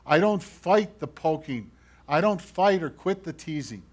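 A man preaching a sermon, earnest and pleading, swinging from loud emphasis to hushed asides and asking his listeners direct questions. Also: fairly high pitch, animated, measured pace. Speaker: pastor.

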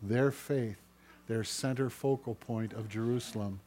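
A man preaching a sermon as pastor, swinging between loud, declaiming passages and hushed, low ones. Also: measured pace, a little hiss or hum.

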